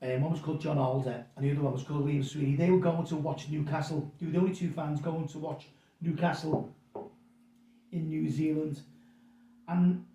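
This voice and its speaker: A man's voice: fairly high pitch, steady tone, brisk, dark tone. A middle-aged man, guest in a casual interview, telling rambling anecdotes and repeating his words. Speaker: pub landlord guest. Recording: roomy sound from a distance.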